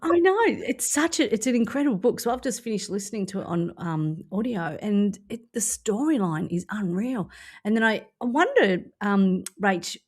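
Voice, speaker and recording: A woman's voice: medium pitch, lively intonation, normal speed. A woman from Australia with an Australian accent, hosting a podcast in casual, enthusiastic chat. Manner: enthusiastic, warm praise, laughs often. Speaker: podcast host.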